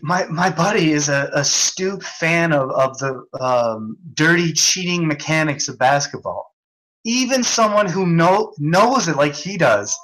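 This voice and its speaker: Bright, high-voiced ranting young man. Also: poor audio. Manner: agitated, repetitive storytelling with many restarts. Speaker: podcast host. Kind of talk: casual rant.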